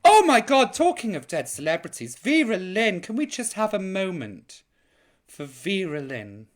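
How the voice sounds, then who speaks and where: A woman's voice: medium pitch, big pitch swings, measured pace. A woman hosting a live online chat show, camp, theatrical and gossipy in her comic banter.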